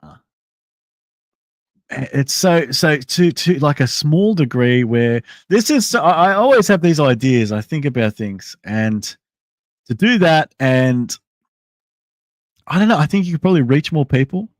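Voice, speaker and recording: A man's voice: on the high side, sing-song, measured pace, pauses often, no echo. A man hosting a casual livestream, thinking aloud in a rambling way with many restarts and answering chat messages. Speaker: livestream host.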